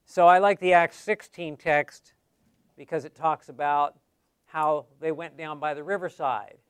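High-voiced man teaching a Bible class. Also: fairly even intonation, unhurried, clean tone, dry recording, studio quality. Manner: conversational, asks the class questions.

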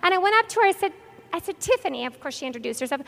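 A woman's voice: extremely high pitch, sing-song, rapid-fire, vocal fry, fairly bright tone. A woman doctor and guest, sharing an enthusiastic, earnest testimony in conversation. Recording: long hall reverb.

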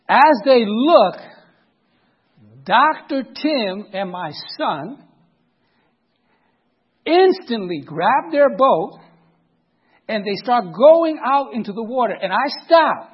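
A man's voice: extremely high pitch, sing-song, takes it slowly, long pauses, husky, lo-fi sound. A middle-aged man telling a story in a sermon, dramatic and often checking that his listeners are following.

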